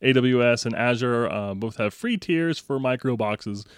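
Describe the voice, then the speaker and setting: A man's voice: mid-range voice, lively intonation, a little slow, clean tone, no room sound, clean studio sound. A man co-hosting a casual tech podcast, joking and laughing often. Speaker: podcast co-host.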